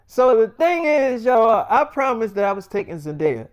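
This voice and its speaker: A man's voice: extremely high pitch, very animated, moderate pace, clean tone, no echo, clean studio sound. A man telling a personal story in a loose, profane, conversational way. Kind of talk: casual storytime monologue.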